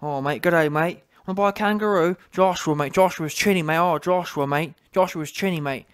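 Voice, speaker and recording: A man's voice: a little high, brisk, clean tone, no room sound, studio quality, lightly acted. A man putting on a mocking, boastful New Zealand boxing fan, in a sing-song that keeps repeating "mate".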